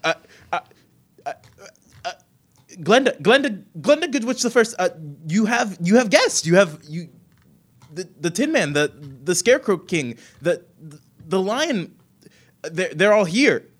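A man's voice: high voice, big pitch swings, unhurried, pauses often, slightly rough, pitched above the performer's own voice, heavily acted. A man voicing a flustered castle guard who stammers over his announcement.

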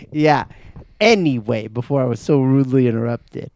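A man's voice: medium pitch, moderate pace. A man co-hosting a podcast, telling stories in a casual chat, laughing often and acting out the voices of people in them. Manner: animated storyteller, laughs often, acts out voices. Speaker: podcast co-host.

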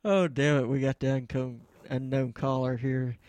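A man's voice: mid-range voice, level tone, moderate pace, a little mellow, dry recording. A man hosting a casual internet radio show, laid-back and playing along with callers. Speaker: host.

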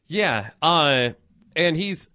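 A man's voice: on the high side, animated, very slow, pushed and bright, no room sound. A man co-hosting a casual podcast, heard on a dry, close mic. He talks in a laid-back, rambling way, full of "like" and "dude". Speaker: podcast co-host. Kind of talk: casual film discussion.

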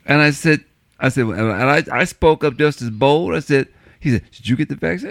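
A man's voice: on the high side, a little fast, creaky, a bit bright, dry recording. A man telling a story in casual chat, acting out both sides of a phone call with big swings in his voice.

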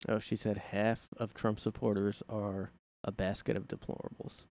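A man's voice: on the low side, flat delivery, normal speed, darkish tone. A man hosting a casual solo podcast from his room, talking in a sarcastic, rambling way. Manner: sarcastic, rambling, mocks with put-on voices. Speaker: podcast host. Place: room at home.

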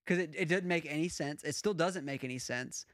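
A man's voice: fairly high pitch, a little fast, a bit bright, no room sound, clean studio sound. A man hosting a casual film discussion, talkative and laying out theories with frequent restarts.

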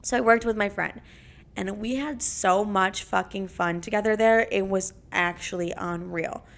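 A woman's voice: medium pitch, measured pace, vocal fry. Foul-mouthed young woman telling stories. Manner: swears freely, lots of "like"; animated, jumps into acted-out voices. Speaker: podcast host. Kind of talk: casual storytelling.

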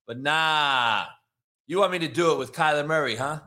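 At a moderate pace and with a slightly high voice, a man hosting a sports talk show launches into an opinion rant. He's profane, combative and derisive, with volume that swings from loud to hushed.

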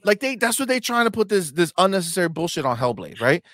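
Animated, trash-talking male stream co-host. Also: high-pitched, fast talker, dry recording, clean studio sound. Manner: reads viewer chat aloud. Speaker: co-host of a gaming talk stream. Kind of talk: casual livestream banter.

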